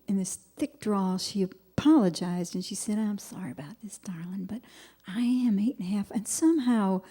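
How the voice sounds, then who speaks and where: A woman's voice: mid-range voice, dark tone. A middle-aged woman from New England, a singer-songwriter telling a wry, dry-humored story between songs on a performance stage. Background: guitar music.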